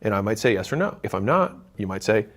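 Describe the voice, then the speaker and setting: A man's voice: fairly low pitch, very animated, fast talker. A man in his thirties giving blunt, emphatic advice straight to camera, swearing for emphasis and acting out what relatives say. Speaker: business creator giving advice. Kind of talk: direct-to-camera advice talk.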